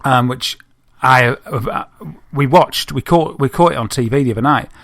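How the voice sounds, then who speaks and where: A man, co-hosting a podcast and telling an animated story, laughing often. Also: mid-range voice, normal speed, no echo. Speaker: podcast co-host. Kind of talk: casual chat, telling an anecdote.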